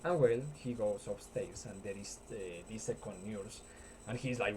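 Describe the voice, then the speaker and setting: Guy retelling a movie, lots of uh and um, dark mellow voice, faint hiss. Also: fairly low pitch, fairly even intonation, rough recording. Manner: halting, full of fillers and restarts. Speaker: storyteller.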